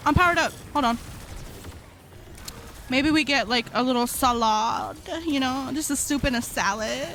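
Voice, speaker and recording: A high-pitched woman chats loosely with her stream viewers, rambling in a slangy way and laughing a lot. A faint hum of noise sits behind her voice. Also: a little slow, long pauses, a bit bright. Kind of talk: casual chat with stream viewers.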